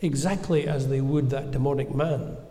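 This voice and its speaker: A man preaching a sermon in a measured, gentle, earnest way, with reflective pauses. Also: mid-range voice. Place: church. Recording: echoey church with long reverb.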